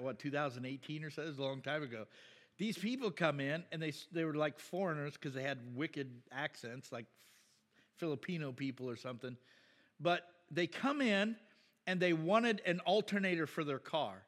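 A man's voice: on the high side, long reverb tail. A male pastor preaching in a blunt, conversational way and trading remarks with his congregation in a church. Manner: blunt, animated, talks back and forth with the congregation. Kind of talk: conversational sermon with congregation interaction.

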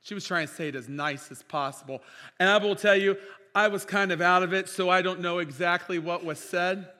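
A man preaching a sermon as pastor, impassioned, swinging between loud declarations and quiet storytelling. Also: high-pitched, fairly even intonation, brisk. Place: church sanctuary. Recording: reverberant church hall.

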